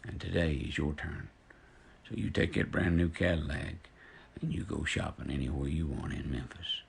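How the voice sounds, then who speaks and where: A man's voice: extremely low pitch, normal speed, gravelly, husky, exaggerated voice. A man voicing a kindly, generous male singing star, folksy and calling a woman baby. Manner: warm, folksy, calls her baby.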